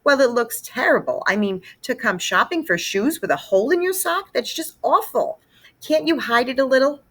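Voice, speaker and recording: A woman's voice: high voice, lively intonation, moderate pace, a bit bright, voice pushed up. A woman voicing a fussy, worried mother who frets and scolds. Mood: fretting. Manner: fretful, scolding.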